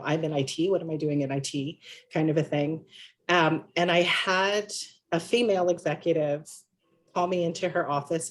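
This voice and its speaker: Low-voiced woman telling an earnest story. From Latina and Filipino heritage. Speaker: panelist. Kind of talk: panel discussion.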